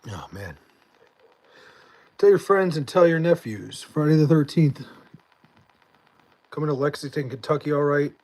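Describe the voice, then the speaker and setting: A man's voice: on the high side, a little mellow. A man chatting casually on a live stream, reading and answering chat messages in a rambling, swearing way, his voice mostly gone so he half-whispers.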